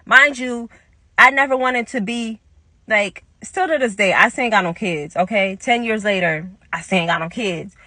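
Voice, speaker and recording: A young woman tells a story in a casual monologue. She talks in an animated way, acts out the quoted lines and swears now and then. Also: fairly high pitch, measured pace, no echo. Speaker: vlogger telling a story.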